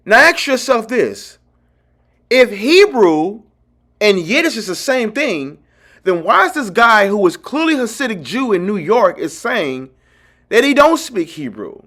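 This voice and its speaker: Pitched high and very animated, this man talks a little slowly as he hosts his channel's lecture-style lesson. He's emphatic, hammers home key phrases through repetition, and speaks right to the viewers as ladies and gentlemen.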